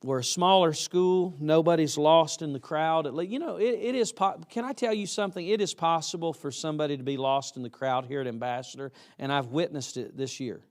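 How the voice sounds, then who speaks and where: A man's voice: fairly high pitch, fairly quick, few pauses. A man preaching a chapel sermon to college students in a folksy, emphatic way, acting out what students say.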